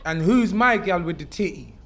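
A young man giving excitable, swearing, joking commentary while streaming a horror game. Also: sits high, normal speed. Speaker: gaming streamer. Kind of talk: horror let's-play commentary.

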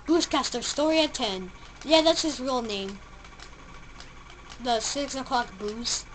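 A woman narrating her gameplay in a high, light voice. She talks at an unhurried pace between bursts of excited yelps, shouts and silly sound effects aimed at the game. A faint hiss sits under the recording. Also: rough recording. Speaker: let's play gamer. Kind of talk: casual gameplay commentary.

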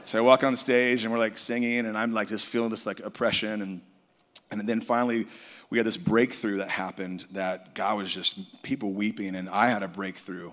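A man's voice: on the low side, steady tone, moderate pace, fairly bright tone. A man telling a personal testimony at a conference, storytelling and quoting others. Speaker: worship musician. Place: large conference hall. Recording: reverberant hall.

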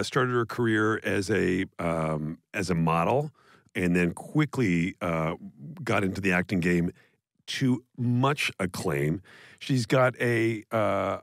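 A man co-hosting a casual podcast, introducing the guest with playful, drawn-out build-ups. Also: lowish voice, vocal fry, dry recording, studio quality.

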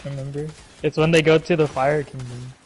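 A young man rambling through a casual gaming chat, often jumping into high silly voices to quote characters. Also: steady tone, a little fast, a little hiss or hum.

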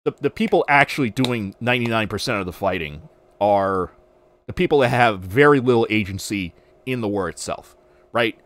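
A man's voice: on the low side, moderate pace. A man hosting a podcast, ranting casually with lots of swearing and restarts. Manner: animated, profane, ranting with restarts. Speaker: podcast host. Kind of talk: casual livestream rant.

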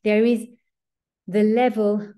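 A woman's voice: medium pitch, flat delivery, takes it slowly, dark tone. A woman giving a Torah lesson, earnest and emphatic, often restarting her sentences. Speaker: Torah teacher.

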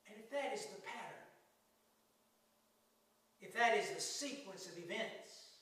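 A male pastor preaching a sermon in a slow, folksy way, with humorous asides. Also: high voice, expressive, bright, forceful tone. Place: church sanctuary. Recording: echoey sanctuary, mic at a distance.

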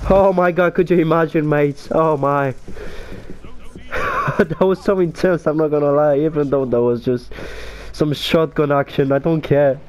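A man's voice: on the high side, normal speed, dull audio. A young man commentating his own online shooter match, exclaiming over kills and deaths. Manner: excitable, exclaims and narrates his own plays. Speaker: gaming YouTuber. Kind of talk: live gameplay commentary.

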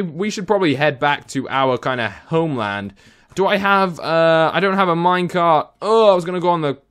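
A young man giving excitable gameplay commentary, chatting to the creatures on screen and to his viewers. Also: a little high. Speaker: gaming video host.

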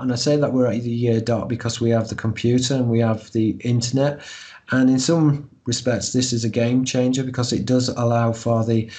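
A man speaks at a middle pitch, unhurried and explanatory. He hesitates often, filling gaps with soft ums as he works through ideas. He is a guest author in a podcast interview. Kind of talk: discursive interview talk.

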